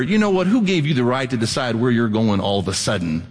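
A middle-aged male pastor preaching a sermon in an animated way, rising almost to a shout at his peaks. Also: medium pitch, fast talker, few pauses, long reverb tail.

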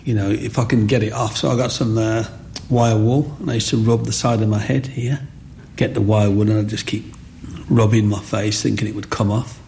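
Man, very gravelly low voice, earnest storyteller, faint hiss. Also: flat delivery, normal speed, darkish tone. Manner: earnest, repeats words, acts out quotes. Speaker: guest. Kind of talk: storytelling in an interview.

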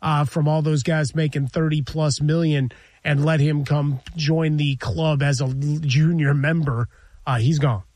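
A male co-host breaking things down in long, wordy sentences with a dry wit. His voice is a bit higher than most men's. The studio sound is close and dry. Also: fairly even intonation, measured pace, a little mellow, no room sound. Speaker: radio sports talk co-host. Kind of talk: casual studio banter. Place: radio studio. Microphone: studio mic.

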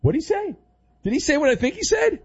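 Lively, playful sports radio host. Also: male voice, very high voice, a little fast, vocal fry, no room sound, raised voice, muffled recording.

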